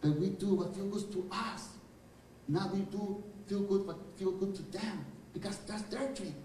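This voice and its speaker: A man's voice: high-pitched, moderate pace, a little mellow, slight background noise. Male spiritual teacher, reflective storyteller, distant roomy hall recording. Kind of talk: inspirational lecture with personal stories. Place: university lecture hall. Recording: roomy hall, speaker far from mic, faint ambience.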